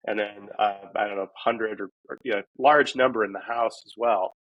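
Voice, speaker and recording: A man's voice: on the low side, steady tone, normal speed, no room sound, highs cut off. A man answering a podcast host's question in a conversational way, often restarting his sentences. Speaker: guest, housing policy advocate. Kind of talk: casual podcast interview answer.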